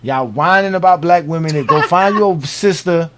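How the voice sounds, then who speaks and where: A man's voice: fairly high pitch, moderate pace, noisy background. A middle-aged man from Miami hosting a live online show, talking loosely, joking and giving preachy advice. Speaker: host. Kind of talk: casual live show chat.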